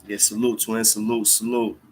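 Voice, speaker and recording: A man's voice: fairly low pitch, flat delivery, moderate pace, darkish tone, slight background noise. A man hosting a livestream, telling a story in casual street slang, cursing freely, repeating lines for emphasis and calling listeners bro and twin. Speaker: livestream host talking to viewers.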